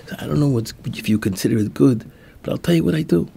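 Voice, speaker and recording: A man, a rabbi, telling a story as a sermon and acting out the dialogue in soft, hushed tones. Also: medium pitch, quick pace, gravelly, slight background noise.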